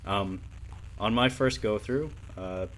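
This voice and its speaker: A man co-hosts a laid-back movie review podcast, chatting freely and dropping sarcastic asides. His voice sits on the low side, and a faint background hiss runs under it. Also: slow, fairly bright tone. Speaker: podcast co-host. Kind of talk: casual film review chat.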